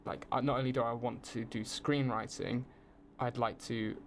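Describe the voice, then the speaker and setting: A young British man talks through a relaxed podcast conversation, easygoing and quick to laugh. He restarts his sentences as he thinks aloud, over a faint background hiss. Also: mid-range voice. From United Kingdom. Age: young adult. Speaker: film production student, guest. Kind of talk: casual podcast chat.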